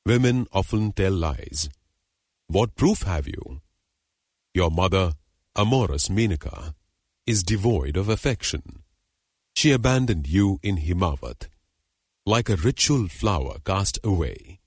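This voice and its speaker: A man's voice: deep voice, lively intonation, a little slow, pauses often, breathy edge, no echo, studio quality, exaggerated voice. A man reading the part of a haughty king who scornfully rejects a woman, in an audiobook legend, with dismissive, formal delivery.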